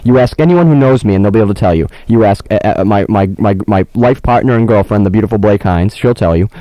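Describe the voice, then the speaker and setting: A man's voice: on the low side, quick pace, mellow, no echo, poor audio. A man hosting a comedic radio show from a windowless studio on a studio mic, rambling melodramatically and stumbling over his words. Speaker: radio host. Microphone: studio microphone with headphones.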